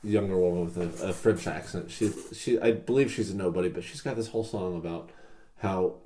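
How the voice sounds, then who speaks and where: Male co-host, low and warm voice, animated and profane. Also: brisk. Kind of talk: casual chat.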